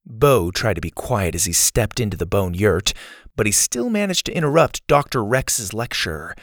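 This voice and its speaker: A man reading a children's adventure audiobook as narrator, in an expressive, animated manner. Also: on the low side, moderate pace, no echo, studio quality. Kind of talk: scripted storybook narration.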